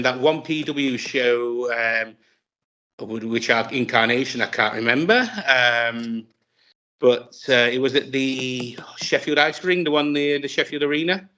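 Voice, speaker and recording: A man's voice: mid-range voice, a bit bright, highs cut off. A man, a wrestler telling stories as an interview guest, rambling with many restarts and laughing often. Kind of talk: casual anecdotal storytelling.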